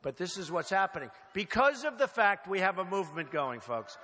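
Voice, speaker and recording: A man's voice: high voice, very animated, brisk, pushed and bright. An older man giving a campaign rally speech, emphatic and repetitive, speaking in short punchy phrases from a podium microphone in a large hall. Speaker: political candidate speaking at a rally. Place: large hall, crowd present. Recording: long hall reverb with faint noise.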